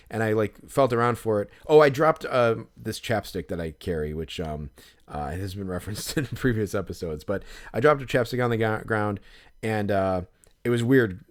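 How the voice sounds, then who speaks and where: A man co-hosting a podcast, telling a long casual story full of fillers, swearing and retold inner monologue. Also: fairly low pitch. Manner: rambling, lots of fillers and profanity, animated when retelling. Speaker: podcast co-host.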